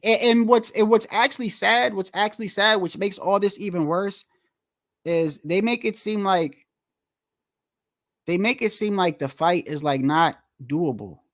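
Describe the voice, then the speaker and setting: Male boxing commentator, high voice, heated profane rant, full of rhetorical questions. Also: a little slow. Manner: profane, slangy. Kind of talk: casual rant to the audience.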